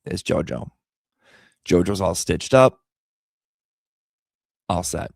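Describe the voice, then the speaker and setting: A man with a fairly low, gravelly voice tells a personal story in a loose, candid way, repeating words and swearing now and then. The sound is dry and close, with no room echo. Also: lively intonation, slow. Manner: candid and emotional, with frequent repeats and casual swearing. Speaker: vlogger and pet owner.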